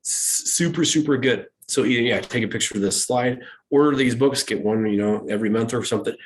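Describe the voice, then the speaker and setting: A man presenting a motivational talk at a school event, lively and acting out quoted voices. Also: mid-range voice, slight background noise.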